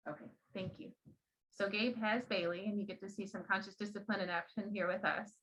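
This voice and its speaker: A woman who trains teachers, giving a classroom demonstration and gently coaching a child as she explains. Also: medium pitch, fairly even intonation, a little fast, rough recording.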